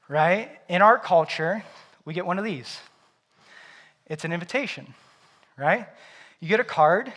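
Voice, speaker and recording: Bright-voiced male pastor preaching. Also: high voice. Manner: builds from quiet reflection to loud excited storytelling. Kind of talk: sermon. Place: church sanctuary.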